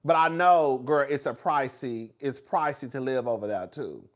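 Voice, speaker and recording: A man's voice: medium pitch, normal speed. A man hosting a casual chat with viewers in a gossipy, chatty way, calling everyone "girl" and laughing often. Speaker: host.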